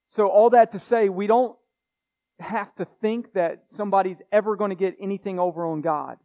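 High-voiced man preaching, dull recording. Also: normal speed. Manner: earnest preaching with repeated phrases and restarts. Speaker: pastor. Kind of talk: sermon.

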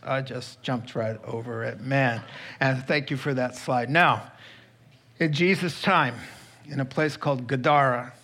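A man's voice: medium pitch, fairly bright tone. A man preaching a sermon as pastor, telling a scripture story with asides.

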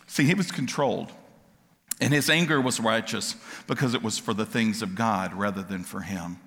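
Male preacher, bright and forceful, moving between soft asides and loud fervent questions, hall reverb. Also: fairly low pitch, normal speed. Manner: swings from quiet asides to loud impassioned preaching. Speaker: pastor. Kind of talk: sermon.

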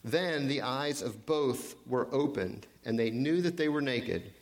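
Guy preaching a sermon, mid-pitched voice, keeps asking questions and pausing for weight. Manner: preaching with repeated rhetorical questions and emphatic pauses. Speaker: pastor.

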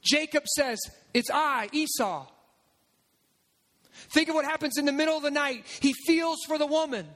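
Male pastor, very high voice, animated sermon delivery, long hall reverb. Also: normal speed. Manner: animated, acts out quoted lines with raised voice.

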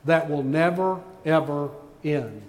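A man's voice: fairly high pitch, takes it slowly, long reverb tail. A man preaching a sermon as pastor, folksy and joking as he tells stories to his congregation. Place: church sanctuary.

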